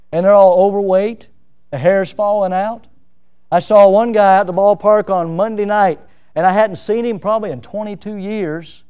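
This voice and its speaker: Middle-aged male pastor, high clear voice, emphatic sermon delivery with self-deprecating humor. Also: mellow. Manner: preaching with rising, emphatic outbursts.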